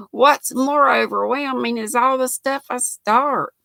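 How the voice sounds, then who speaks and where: An older woman hosting a casual livestream, chatting about yarn and reading comments with easy laughter. Her voice is bright with a gravelly edge, and she takes her time. The sound is dry and close. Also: a little high, slow, dry recording. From United States. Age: 60s. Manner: chatty, laughs often, reads comments aloud. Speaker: livestream host reading chat. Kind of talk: casual chat.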